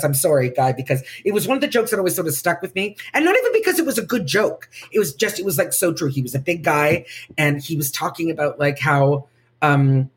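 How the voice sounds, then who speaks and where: A woman stand-up comedian chatting as a podcast guest, animated and often acting out other people's voices. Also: lowish voice, slightly rough. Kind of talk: casual podcast chat.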